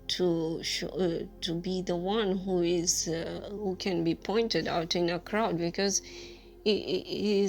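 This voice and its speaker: A woman and former teacher telling a personal story in a casual, halting way, with many fillers and frequent laughs. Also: fairly low pitch.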